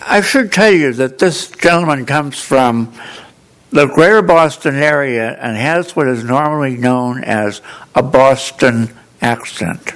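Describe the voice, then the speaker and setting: A man with an audible speech defect reading aloud in church, telling a story in an earnest, gently humorous way. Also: medium pitch, lively intonation, slow, rough recording. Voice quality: altered articulation from a speech defect. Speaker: lay reader in church.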